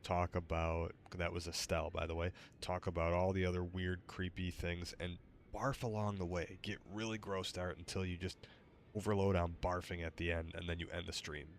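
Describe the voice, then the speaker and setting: A tired man hosts a late-night gaming stream, yawning and rambling with hesitant fillers. His low voice barely moves in pitch and keeps a moderate pace, with a little hiss or hum in the background.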